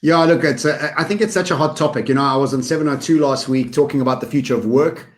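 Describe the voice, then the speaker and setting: Energetic male podcast co-host with a middle-range voice who talks in rapid lists. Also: mid-range voice. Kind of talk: casual podcast conversation.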